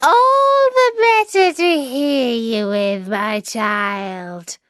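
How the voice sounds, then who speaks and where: A woman voicing a sly, hungry male wolf in a storybook, drawing the words out slowly. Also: on the high side, expressive, a bit bright, no echo, studio quality, pitched above the performer's own voice, full character voice.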